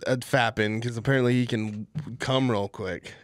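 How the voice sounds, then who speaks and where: A man's voice: medium pitch, steady tone, normal speed, dry recording. A man co-hosting a comedy podcast, trading crude jokes and laughing at his own lines. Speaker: podcast co-host. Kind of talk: casual comedic banter.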